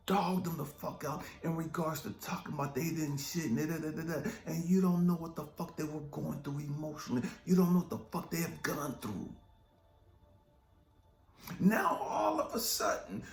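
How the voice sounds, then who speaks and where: A man's voice: fairly high pitch, gravelly, a little mellow. Intense, profane man, echoey room. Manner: profane, with repeated rhetorical questions. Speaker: life coach and speaker. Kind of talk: impassioned motivational monologue. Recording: echoey room with faint music.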